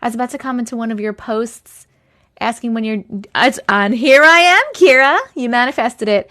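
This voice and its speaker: Chatty, higher-pitched woman host greeting live viewers, casual and rambling. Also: normal speed, pushed and bright. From Long Island, New York. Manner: chatty, greets viewers by name with rising lilt. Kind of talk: casual livestream chat.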